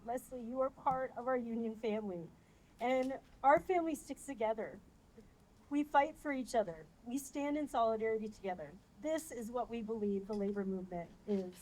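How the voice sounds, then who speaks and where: A woman's voice: on the high side, a little hiss or hum, rough recording. A woman, a labor council president, giving an emotional, angry rally speech outdoors. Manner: emotional, grows angry and shouts chants. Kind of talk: rally speech with call-and-response chants.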